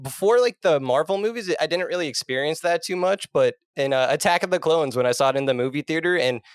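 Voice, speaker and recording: A man co-hosting a podcast, chatting casually and asking questions in a relaxed way full of fillers. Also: a little high, fast talker, clean tone, dry recording, studio quality. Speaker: podcast co-host.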